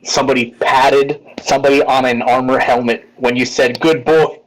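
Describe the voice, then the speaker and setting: A man with an ordinary-pitched voice plays a tabletop game. He reacts with amusement, swears freely and describes his character's actions. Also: little pitch movement, normal speed, slight background noise, poor audio. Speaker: player. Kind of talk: tabletop role-play.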